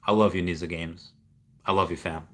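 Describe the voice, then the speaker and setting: A man's voice: low voice, fairly even intonation, a little fast, a bit bright. A man streaming live and chatting casually, reading viewer messages aloud and replying in a rambling way full of fillers and restarts. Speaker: streamer answering live chat. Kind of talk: casual livestream chat.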